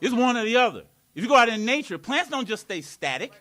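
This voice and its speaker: A man's voice: extremely high pitch, very animated, fast, bright, forceful tone. A man preaching a live sermon in a community worship hall, playful and laughing, with call-and-response.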